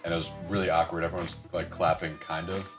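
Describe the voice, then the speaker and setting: A man's voice: sits low, flat delivery, quick pace, over music. A man, a show regular, telling a dry self-deprecating story.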